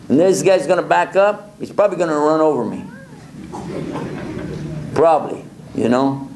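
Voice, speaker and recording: A male preacher telling a personal story in a lively way, chuckling and acting out the dialogue. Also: a little high, slight background noise. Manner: animated, chuckles often, acts out dialogue. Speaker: Islamic preacher. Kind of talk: storytelling lecture. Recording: echoey hall with faint ambience.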